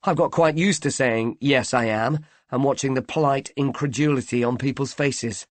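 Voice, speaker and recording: A man's voice: mid-range voice, normal speed, dry recording, close to an everyday voice. A man reading an audiobook, voicing a polite young man who answers casually and guardedly.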